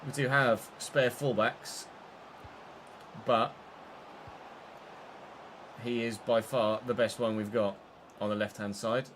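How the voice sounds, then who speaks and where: A young man streams his football career game, talking casually over the action. He jumps from loud bursts at goals to low, half-muttered asides. A faint background hum sits under his voice. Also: slow pace, long pauses. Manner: chatty, swings between excited shouts and muttered asides. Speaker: gaming streamer. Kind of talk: live game commentary.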